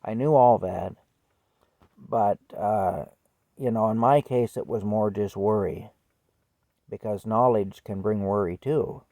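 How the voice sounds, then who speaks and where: A man telling a personal story from his childhood in a conversational, reflective way, with soft laughs here and there. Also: lowish voice, slow pace, long pauses, dry recording.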